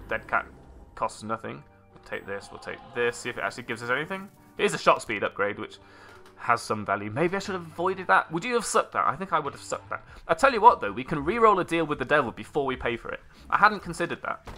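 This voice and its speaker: A man's voice: mid-range voice, sharp tone. A man giving rambling let's play commentary, correcting himself as he goes with dry little asides. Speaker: gameplay commentator.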